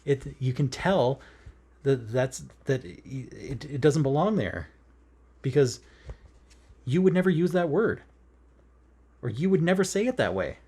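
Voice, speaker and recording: A man's voice: medium pitch, very animated, a little slow, long pauses, dark tone, breathy edge. A man chatting casually while stitching in bed, rambling and earnest, with lots of fillers and frequent laughs. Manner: rambling and earnest, with many fillers and self-corrections; laughs often while talking. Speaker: cross-stitch vlogger. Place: in bed at home.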